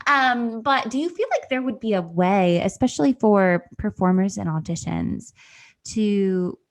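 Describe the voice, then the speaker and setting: Woman host, casual interviewer, chatty, mid-pitched voice, animated asides. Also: unhurried.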